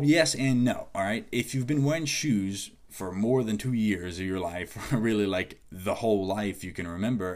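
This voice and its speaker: A man hosting a podcast as a movement coach, talking in a casual, animated monologue and acting out quoted exchanges with clients. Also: deep voice.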